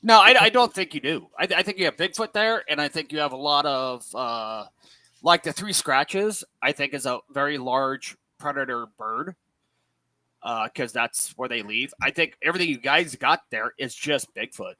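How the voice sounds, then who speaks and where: A man's voice: medium pitch, expressive, normal speed, pushed and bright. A man joining a podcast chat, giving his opinions emphatically and stammering on restarts. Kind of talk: casual chat.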